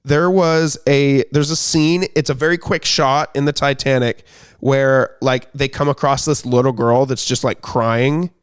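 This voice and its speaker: Casting: young male podcast host, relaxed and rambling, easy laugher, conversational. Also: mid-range voice, measured pace, smooth. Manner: laid-back, rambling storyteller who laughs easily. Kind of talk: casual chat.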